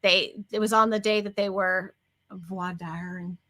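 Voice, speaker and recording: A woman's voice: medium pitch, fairly even intonation, a little slow, a bit bright. A woman co-hosting a casual livestream chat, talking in long, rambling tangents. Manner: chatty, wanders into tangents. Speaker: co-host.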